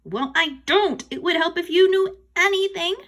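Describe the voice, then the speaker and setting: A woman voicing a quick-tempered know-it-all schoolgirl, shrill and emphatic. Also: fairly bright tone. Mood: whispered.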